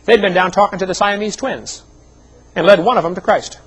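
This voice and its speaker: A man's voice: sits high, a little fast, poor audio. A middle-aged man preaching a seminar sermon, telling personal stories in a folksy way with joking asides. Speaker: evangelist speaker.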